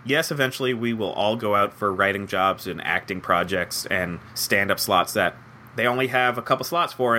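A man's voice: mid-range voice, a little hiss or hum. A young man, a comedy head writer, answering interview questions casually and acting out quoted voices. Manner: animated, acts out quoted voices, self-deprecating.

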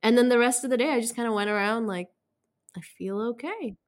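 A woman in a casual conversation, talking in a halting, emotional way with many fillers. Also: on the high side, steady tone.

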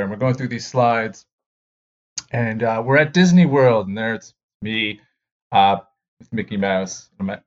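Brief: male comedian, thirties, rambling self-deprecating storyteller, medium pitch, somewhat muffled lo-fi recording. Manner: rambling, self-deprecating, acts out voices in his anecdotes. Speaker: stand-up comedian. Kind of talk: personal storytelling. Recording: dull lo-fi recording.

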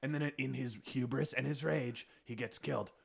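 A man's voice: medium pitch, fairly even intonation, moderate pace, creaky, a crowd in the background. A man co-hosting an improvised comedy podcast, telling stories with lots of energy and acting out movie scenes. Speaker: podcast co-host.

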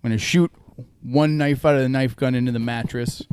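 A man's voice: mid-range voice, fairly even intonation, brisk, a little mellow, clean tone. A man playing a tabletop role-playing game, talking loosely and laughing often as he describes his moves. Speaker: player. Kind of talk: tabletop role-play, casual.

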